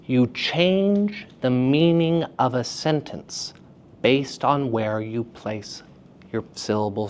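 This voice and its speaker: A man giving a lecture to students, energetic and checking in with frequent "right?" and "okay?", repeating example sentences to demonstrate. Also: mid-range voice. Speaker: theater lecturer.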